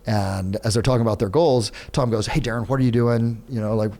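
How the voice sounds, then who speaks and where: A man's voice: mid-range voice, a little fast. A man, a sales trainer and podcast guest, telling a story in casual chat and acting out the quotes as he goes. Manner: animated storyteller, acts out quotes in other voices. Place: podcast studio.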